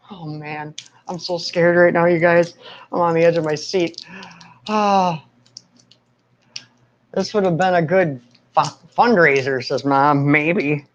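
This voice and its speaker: A man's voice: fairly high pitch, fairly bright tone, lo-fi sound. A man hosting a casual live stream, talking to his viewers in a nervous, joking way and laughing often. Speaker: live video host and recovery speaker.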